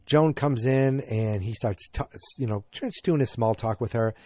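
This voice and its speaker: Male podcast host, casual recap, halting and rambling delivery, dry close sound. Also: mid-range voice, a little mellow, no room sound. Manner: rambling, halting, many fillers and restarts.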